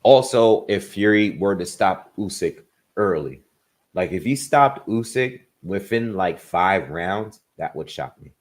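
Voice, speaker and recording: Man, low-pitched voice, livestream host, casual chat, home setup, rattles off viewer shout-outs. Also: animated. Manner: rattles off viewers' locations in quick bursts; thinks aloud with restarts when giving his predictions.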